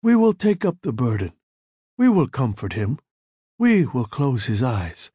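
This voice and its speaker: A man voicing a short, heavy, aging crime boss with a slight Italian accent, speaking in a slow, grave, formal way. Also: mid-range voice, big pitch swings, warm tone, slightly rough, dry recording, clean studio sound.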